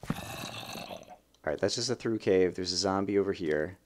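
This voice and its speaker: A man's voice: low voice, a little slow, background noise. Chatty young man narrating gameplay. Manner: chatty, thinks aloud, bursts of excitement. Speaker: let's play host. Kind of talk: gameplay commentary.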